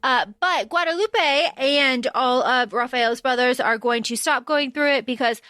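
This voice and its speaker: A woman co-hosting a podcast, chatting casually and gushing about a book, quoting characters in quick bursts. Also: sits high, bright, forceful tone, no echo. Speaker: podcast co-host. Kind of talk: casual book discussion chat.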